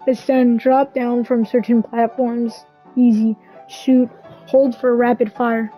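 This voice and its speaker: A woman's voice: fairly high pitch, flat delivery, slow, mellow, soft background music, poor audio. A woman gamer reading a game's storybook intro and tutorial aloud, with wry asides.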